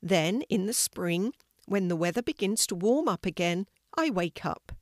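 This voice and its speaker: Storyteller doing a quick, helpful hedgehog, a storybook creature with somewhere to be. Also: female voice, lowish voice, expressive, no echo, clean studio sound. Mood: friendly. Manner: brisk and chatty. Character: kindly male hedgehog, busy and practical.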